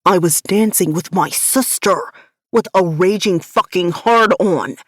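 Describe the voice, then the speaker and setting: Woman voicing angry young man, growling, clipped, low-pitched, dry sound. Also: a little slow, dry recording.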